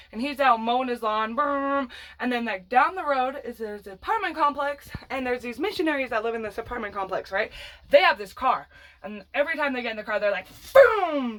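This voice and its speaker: A woman's voice: a little high, a bit bright. A woman vlogger telling a personal story in a casual, dramatic, rambling way, swearing freely and laughing as she goes.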